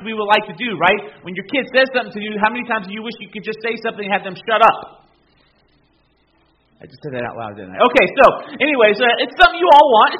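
A man's voice: extremely high pitch, muffled recording. A man preaching a sermon as pastor, emphatic and often asking the congregation questions.

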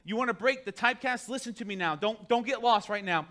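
A man's voice: high-pitched, fast. A man pastor delivering a sermon, preaching emphatically and talking straight to his congregation in a conversational way. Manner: emphatic preaching that swings between quiet asides and loud declarations.

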